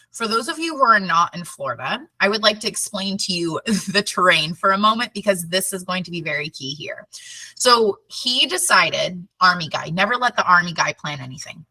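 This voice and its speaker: Bright-voiced woman telling a story. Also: medium pitch, no room sound, recorded from a distance, low-quality recording. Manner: lively, chatty, laughs often. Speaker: podcast guest. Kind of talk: animated personal storytelling.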